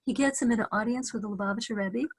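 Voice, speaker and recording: A woman tells a story in a relaxed, animated way, often restarting her sentences. Her voice is husky and breathy, set a little high. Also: fast talker. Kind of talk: casual spoken storytelling.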